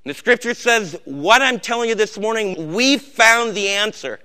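Older pastor guy preaching hard, kinda high voice, gets loud then quiet. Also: lively intonation, normal speed, clean tone. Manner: exhorting, swings from quiet to shouting. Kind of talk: sermon.

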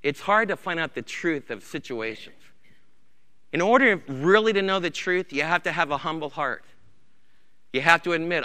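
A man's voice: on the high side, expressive, moderate pace, pushed and bright, clean tone. A man preaching a sermon as pastor, impassioned and repeating key phrases, in a church sanctuary. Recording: reverberant church hall.

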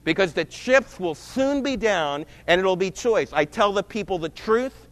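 A man with a high-pitched voice delivers a sermon from the pulpit, dramatic and emphatic. He rises to loud declarations, then drops to low, hushed phrases. His words trail off into the long reverb of a large church hall. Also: expressive, measured pace. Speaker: pastor.

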